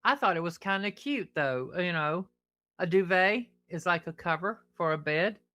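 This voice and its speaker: A woman's voice: on the low side, lively intonation, moderate pace, fairly bright tone. A woman hosting a casual podcast, reading dad jokes aloud and playing along with a joking co-host. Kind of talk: casual comedic chat.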